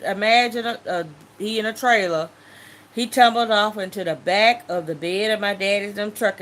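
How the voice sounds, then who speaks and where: A woman telling a personal testimony in an animated way, acting out voices and sounds as she goes. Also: medium pitch. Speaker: testimony speaker.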